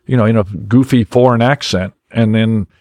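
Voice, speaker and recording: A man's voice: on the low side, moderate pace, mellow, no echo, studio quality. A man who is a magician guest, chatting casually in a rambling, self-deprecating way and laughing often. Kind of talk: casual podcast chat.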